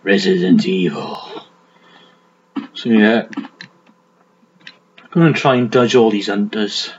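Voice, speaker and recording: A man's voice: lowish voice, takes it slowly, slight background noise. A man giving crude, joking let's play commentary and talking to the game's character. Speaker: gaming commentator. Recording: dull lo-fi mic with game music. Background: game music.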